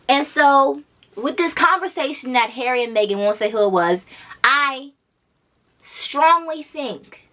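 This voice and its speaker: A woman vlogger giving casual reaction commentary, blunt and profane. She hammers her points home by repeating them. Her voice is bright and forceful, pitched a little high.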